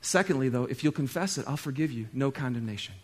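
A male pastor preaching a sermon, talking straight to his congregation and swinging between loud exclaiming and soft, hushed stretches. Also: mid-range voice, expressive, fast talker, breathy edge. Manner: conversational, talks straight to the congregation.

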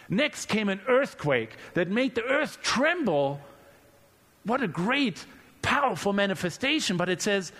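High-voiced man preaching a casual sermon. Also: very animated, a little slow, a bit bright. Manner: conversational and humorous, repeats words while searching.

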